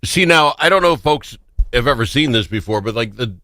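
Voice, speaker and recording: Lively chatty guy hosting radio, voice jumps all over, bright, dry booth. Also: mid-range voice, a little fast, no echo. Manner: chatty, laughs easily, animated. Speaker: radio host. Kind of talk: casual radio interview chat.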